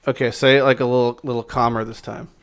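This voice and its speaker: A man hosting a gaming channel, giving casual gameplay commentary in a relaxed way with filler words. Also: medium pitch, quick pace, gravelly, background noise.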